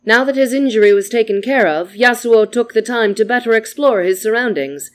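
A reader narrating a story with an even, gentle delivery. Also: mid-range voice, fairly quick.

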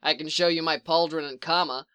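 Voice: mid-range voice, fairly even intonation, brisk, a bit bright, clean tone, close to an everyday voice. A reader voicing a tired, profane clone soldier captain who bickers with his commander in a told story. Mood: breathless, teasing. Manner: swears a lot, blunt and scrappy. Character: weary soldier clone man, profane, teasing.

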